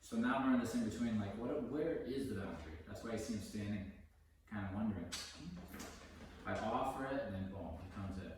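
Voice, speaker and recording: A man working as a dog trainer, explaining his methods casually during a session and breaking into high, excited praise for the dog. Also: brisk, distant mic, a little hiss or hum. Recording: echoey room, voice from off the mic.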